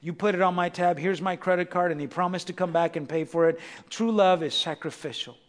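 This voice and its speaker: A high-pitched man delivers a sermon, swinging between fervent, raised passages and hushed, intimate appeals. He peppers his preaching with quick asides to the congregation. A long reverb trails his voice, as in a church sanctuary.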